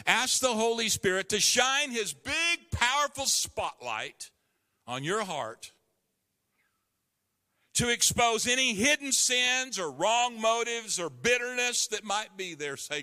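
A man's voice: sits high, bright, forceful tone, long reverb tail. A pastor in his fifties tells a personal story during a sermon, earnestly acting out the voices in it. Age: 50s.

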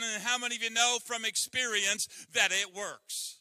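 A male pastor preaching a sermon, swinging from loud emphasis to hushed tones. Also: sits high, steady tone, normal speed, clear, resonant tone, no room sound, clean studio sound. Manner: breaks into hymn lines.

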